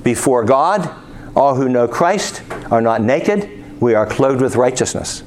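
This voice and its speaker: A man's voice: mid-range voice, lively intonation, a little slow, darkish tone, a little hiss or hum. A man preaching a sermon, reading scripture aloud and asking his listeners rhetorical questions.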